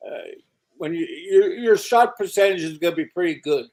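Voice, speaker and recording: A man on a sports betting panel talks in a measured, matter-of-fact way. His voice sits slightly high. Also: a little mellow. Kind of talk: casual sports talk.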